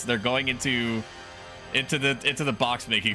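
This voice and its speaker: A man's voice: medium pitch, fairly even intonation, normal speed, sharp tone, soft background music. A man streaming a strategy game, joking with chat while he plays. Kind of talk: casual gaming livestream commentary.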